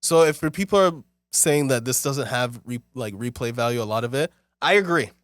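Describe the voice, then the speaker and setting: Male co-host, mid-pitched, loose and profane, dry close mic. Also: moderate pace, no room sound. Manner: loose, animated and swearing, often laughing. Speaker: podcast co-host. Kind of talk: casual chat.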